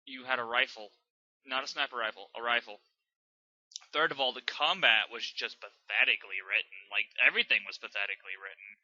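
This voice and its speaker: Doing a dramatic reading and rant, a young fanfiction-reviewing channel host reads a story aloud and then tears into it, exasperated, sarcastic, and swearing often. His mid-range voice sounds pushed and bright. The sound is lo-fi with no echo.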